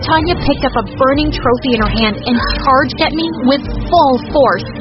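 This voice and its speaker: A woman with a high voice tells a first-person storytime in a dramatic, exclaiming way. The sound is muffled and lo-fi, with clear music playing under her. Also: moderate pace. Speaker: storytime narrator. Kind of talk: scripted first-person narration.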